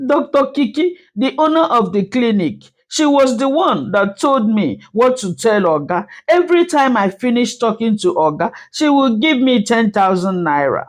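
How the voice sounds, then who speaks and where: A woman voicing a frightened young housemaid who pleads through tears, pitched well above her own voice. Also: sing-song, normal speed, hardly any pauses. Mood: tearful confessing. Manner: pleading, breaking into cries.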